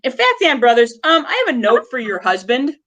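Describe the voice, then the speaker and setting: A woman's voice: a little high, very animated, fairly quick, a bit bright, lo-fi sound, a little hiss or hum. Chatty enthusiastic woman co-host. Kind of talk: casual podcast chat about a movie.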